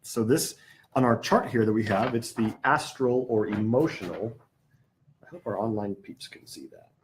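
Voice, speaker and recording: A man with a slightly low voice teaching a live yoga class. He lays out ideas step by step and stops now and then to correct his wording. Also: a little hiss or hum. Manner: explanatory, pauses to correct himself.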